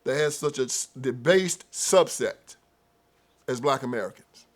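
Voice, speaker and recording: A man hosting his own show, delivering an opinion commentary monologue that swings between loud outbursts and low mutters, with frequent laughter. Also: a little slow. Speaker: show host.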